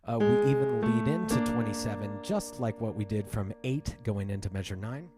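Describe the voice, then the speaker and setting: A man's voice: lowish voice, moderate pace. A man teaching piano, explaining a piece and counting the swing rhythm aloud as he plays. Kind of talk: piano tutorial. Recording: loud piano music behind. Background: piano playing.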